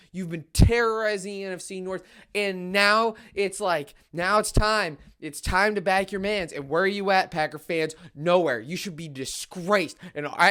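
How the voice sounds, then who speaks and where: Brief: young male sports podcaster, loud, ranting, trash-talks rivals. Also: high voice, clear, resonant tone. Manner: excitable, ranting, trash-talking. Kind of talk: solo sports rant.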